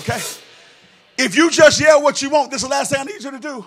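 A male pastor preaching a sermon in a church, moving into a sing-song, shouted cadence and calling on the congregation to answer back. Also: very high-pitched, quick pace. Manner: call-and-response with the congregation. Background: music.

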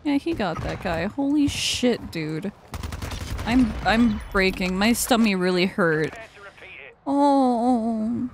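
A young woman streaming a shooter game, chatting casually with viewers, excitable and swearing often. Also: mid-range voice, takes it slowly. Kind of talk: casual gaming stream chat. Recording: noisy background hiss.

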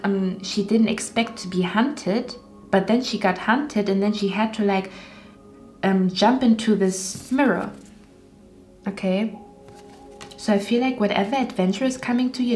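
A woman's voice: medium pitch, a little mellow. A woman giving an intuitive tarot reading to her viewers, earnest and repetitive, often checking in with "okay?". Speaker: tarot card reader.

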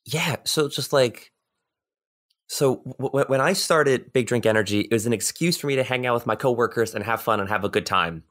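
A man's voice: mid-range voice, moderate pace, fairly bright tone. A man as a guest on a podcast, chatting casually and rambling with many restarts and repeated words. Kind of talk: casual interview chat.

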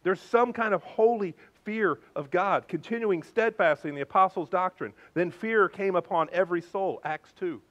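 A male pastor preaching a sermon in an animated, conversational way with playful asides. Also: high voice, normal speed, hardly any pauses, muffled recording.

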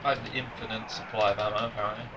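A man's voice: on the low side, level tone, rapid-fire, background noise. A man with an English accent co-hosting a casual let's-play, teasing and joking with his friend. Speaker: gaming channel co-host. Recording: distant mic with loud game music.

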